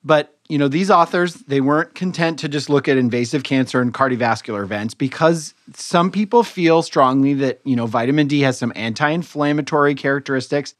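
A man co-hosting a medical podcast, casually explaining research papers and pausing to rephrase as he goes. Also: mid-range voice, dry recording, clean studio sound. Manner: explanatory, relaxed, thinks aloud with restarts. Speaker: podcast co-host physician reviewing papers. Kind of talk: conversational medical journal review.

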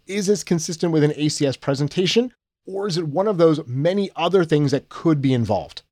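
A man's voice: fairly high pitch, animated, brisk, darkish tone, no echo, studio quality. Man explaining a medical case. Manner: explanatory, clinical teaching tone. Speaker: podcast co-host. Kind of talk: conversational medical podcast summary.

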